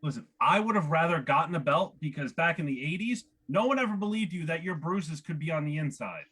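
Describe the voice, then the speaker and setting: A man's voice: a little high, expressive, a little fast, fairly bright tone. A man in his forties doing a brash, profane stand-up set at an open mic in a small comedy club. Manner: brash, profane, punchy delivery.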